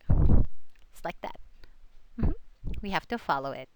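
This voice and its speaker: A woman's voice: low-pitched, lively intonation, slow, pauses often, darkish tone, clear, resonant tone, poor audio. A young woman giving a recorded English pronunciation lesson, spelling out letters and repeating example words. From Philippines. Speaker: student presenter.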